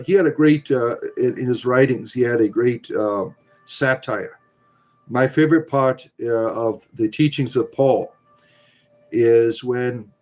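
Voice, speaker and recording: A middle-aged man chats his way through a livestream, reading viewers' messages and riffing on them with irreverent, sardonic asides. His voice sits at an ordinary middle pitch, and soft music plays faintly behind him. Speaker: livestream host reading chat. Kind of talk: casual livestream chat.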